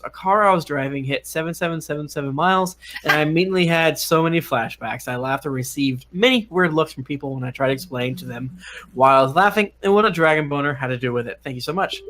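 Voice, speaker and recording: A man hosting a podcast stream, reading listener reviews aloud in a jokey, halting way with many fillers. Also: on the high side, fairly bright tone, slight background noise. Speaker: podcast host.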